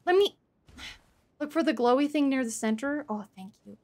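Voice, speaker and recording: A woman streamer giving live gameplay commentary, excitable, swearing and laughing as she talks to her chat. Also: high voice, moderate pace.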